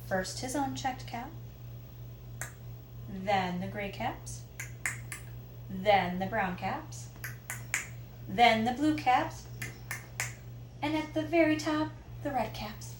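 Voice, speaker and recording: A woman reading picture books aloud to children, expressive and asking listeners questions. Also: a little high, slow, long pauses. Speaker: children's story reader. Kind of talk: picture book read-aloud. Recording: roomy echo, faint background noise.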